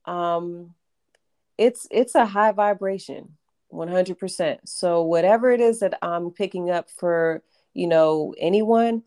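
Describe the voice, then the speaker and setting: A woman tarot reader talking about readings in a relaxed, rambling way, full of fillers and restarts. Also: on the low side, takes it slowly. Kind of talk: casual podcast chat.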